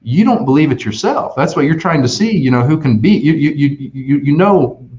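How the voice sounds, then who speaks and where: A man talking as a sales expert on a webinar, energetic and full of restarts and "right?" tags. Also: fairly high pitch, normal speed. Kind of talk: conversational webinar talk. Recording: dull lo-fi online webinar audio.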